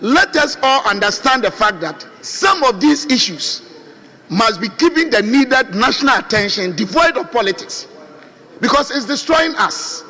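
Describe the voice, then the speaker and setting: A Ghanaian man addressing parliament in a high, bright voice that swings widely in pitch. His appeals ring out with a long hall reverb from the chamber. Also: big pitch swings, moderate pace. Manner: oratorical, appealing, rhetorical questions. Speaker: member of parliament. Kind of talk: parliamentary debate speech.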